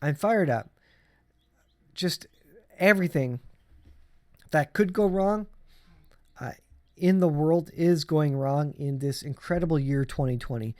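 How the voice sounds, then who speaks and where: A man's voice: a little high, slow, pauses often. A middle-aged man hosting his own channel, talking earnestly about faith and the end times with many fillers and restarts. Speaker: channel host. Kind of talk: casual religious commentary vlog.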